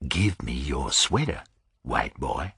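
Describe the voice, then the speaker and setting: Guy doing a huge jail bully in an audiobook, low quiet taunting drawl, husky and way deeper than his own voice. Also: sing-song, slow, no room sound, studio quality, full character voice. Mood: menacing. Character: huge menacing male prison gang bully. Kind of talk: audiobook character voice.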